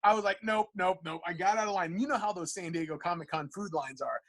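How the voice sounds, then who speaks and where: Casting note: man guest on a podcast, chatty animated storyteller, restarts a lot, voice pitched a bit high. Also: quick pace, poor audio. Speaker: comic book artist guest.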